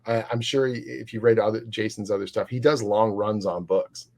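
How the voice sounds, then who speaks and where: Guest man, lowish voice, eager rambling storyteller with lots of fillers. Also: steady tone, moderate pace, vocal fry, darkish tone. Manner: rambling, enthusiastic, many fillers and restarts. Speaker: comic book writer, guest. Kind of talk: casual interview storytelling.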